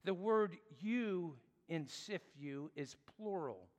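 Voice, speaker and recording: A man's voice: high-pitched, lively intonation, darkish tone, muffled recording. Earnest preaching man in a reverberant hall. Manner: earnest, explanatory, measured pauses. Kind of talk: sermon.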